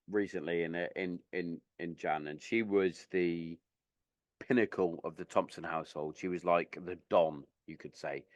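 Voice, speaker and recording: A low-voiced man, talking loosely and candidly on a podcast. He is a little tipsy and swears freely. The sound is dry and close. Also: no echo. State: slightly tipsy. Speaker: podcast host. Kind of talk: casual podcast chat.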